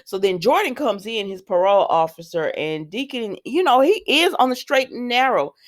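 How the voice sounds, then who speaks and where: A woman's voice: a little high, big pitch swings, moderate pace. A woman hosting a casual soap opera recap, chatty and full of fillers and asides as she retells the scenes.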